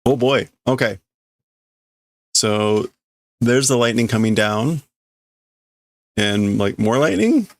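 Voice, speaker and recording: A man's voice: mid-range voice, expressive, slow pace, long pauses, no room sound. A man streaming live as he reads a manga aloud and translates it, thinking aloud and hesitating over the words. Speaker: streamer host.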